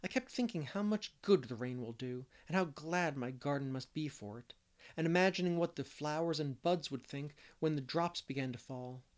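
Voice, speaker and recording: A man's voice: fairly high pitch, moderate pace, lightly acted. A man voicing an imaginative, talkative young girl who speaks earnestly and fancifully.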